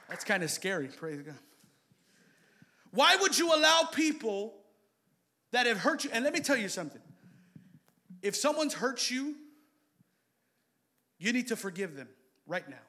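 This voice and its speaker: A man preaching with a high, bright voice. He builds to loud, shouted exhortations, then falls back to quiet, intimate asides. He delivers it as a passionate church sermon. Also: lively intonation, normal speed.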